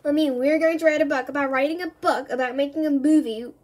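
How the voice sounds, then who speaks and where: A woman reading a storybook aloud and voicing a goofy, excitable cartoonist man. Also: high-pitched, quick pace, lightly acted. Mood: flustered.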